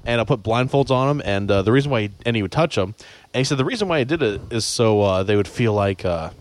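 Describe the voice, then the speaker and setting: A man's voice: on the low side, lively intonation, quick pace. A young man hosting a casual chat, laughing a lot and quizzing each friend in turn. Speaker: host.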